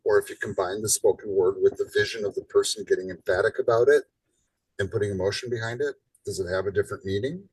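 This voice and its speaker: Low husky-voiced male instructor. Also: fast, no echo, far from the mic, poor audio. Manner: casual, rhetorical "right?" tags, animated emphasis. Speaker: college instructor. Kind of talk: live classroom lecture. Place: classroom.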